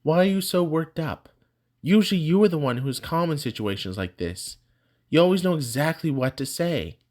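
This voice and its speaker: A woman's voice: low voice, lively intonation, normal speed, a little mellow, voice pushed up. A man voicing a young woman student who earnestly urges her angry friend to open up. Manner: pleading, earnest.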